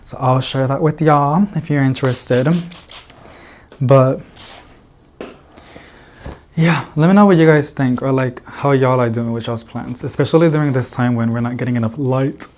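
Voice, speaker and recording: A man's voice: mid-range voice, normal speed, long pauses, a little mellow. A man chatting casually to camera as a plant vlogger in an indoor plant room, rambling with lots of fillers and little laughs.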